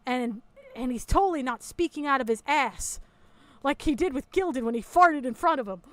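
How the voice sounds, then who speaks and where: A woman's voice: high-pitched, lively intonation, moderate pace. A woman hosting a commentary video, mocking and sarcastic, swearing a lot as she talks over a recorded call.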